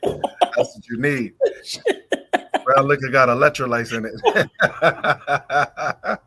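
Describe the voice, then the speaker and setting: A man's voice: mid-range voice, animated, extremely slow, pushed and bright, breathy edge. A man co-hosting a podcast, teasing and joking in casual banter.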